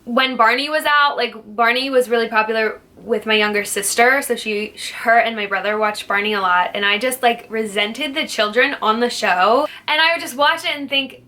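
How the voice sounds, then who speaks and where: A young woman, a fitness instructor, chatting playfully through a casual Q&A vlog, jokey and quick to laugh. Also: on the high side, pushed and bright. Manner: jokey, playful, not serious.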